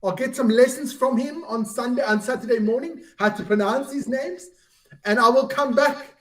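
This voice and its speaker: A man's voice: very high voice, moderate pace, echoey room, recorded from a distance. A man co-hosting a rugby podcast in casual chat, self-deprecating and stumbling over names. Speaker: podcast co-host.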